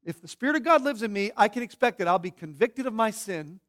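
A man preaching a sermon as pastor. He lays out numbered points and moves from forceful, stressed words to quiet, probing questions. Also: sits high, lively intonation, quick pace. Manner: emphatic, swinging from shouted stresses to hushed questions.

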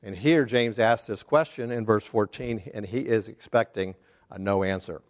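A man teaching a casual Bible study class, talking haltingly with restarts and putting questions to the group. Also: fairly low pitch. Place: church classroom.

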